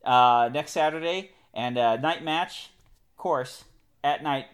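A man co-hosting a casual podcast chat, enthusiastic and joking, often trailing off quietly at the ends of sentences. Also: on the high side, slow pace. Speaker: podcast co-host.

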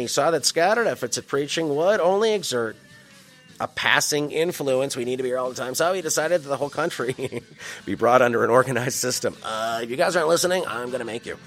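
A man reading Bible passages aloud and breaking in with slangy, joking asides. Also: mid-range voice. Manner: wisecracking, slangy asides between scripture lines. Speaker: scripture reader and commentator.

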